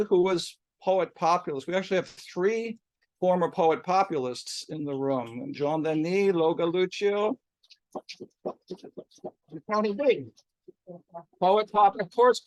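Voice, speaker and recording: A man's voice: high voice, dry recording. A man introducing poets at a reading, chatting with asides and self-corrections, then reading quoted lines of poetry aloud. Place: poetry bookshop reading, hybrid video call.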